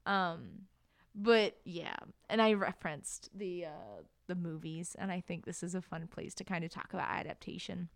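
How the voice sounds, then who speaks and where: A woman's voice: on the low side, animated, moderate pace, gravelly, dry recording, clean studio sound. A woman co-hosting a podcast, chatting casually about a book and often laughing and acting out quotes. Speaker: podcast co-host.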